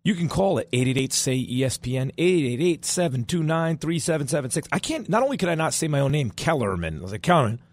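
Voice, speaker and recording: A slightly husky man hosting a sports podcast, his voice a touch high for a man and swinging widely as he jokes. He bounces between loud bursts and muttered asides. The sound is dry and close, with faint music underneath. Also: fast, few pauses, no room sound. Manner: animated, wisecracking, jumps between loud and soft. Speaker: podcast host. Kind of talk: sports talk monologue.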